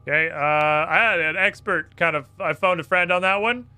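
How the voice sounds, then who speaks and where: A man's voice: fairly high pitch, steady tone, normal speed, pushed and bright, smooth, no room sound, soft background music. A man streaming a game live, thinking aloud in a brash, profane way. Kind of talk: live gameplay commentary.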